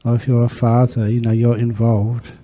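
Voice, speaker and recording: Male monk teacher, mellow voice, anecdotal dharma talk, long-reverb monastery hall. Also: mid-range voice, monotone, normal speed. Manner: warm anecdotal storytelling with acted dialogue.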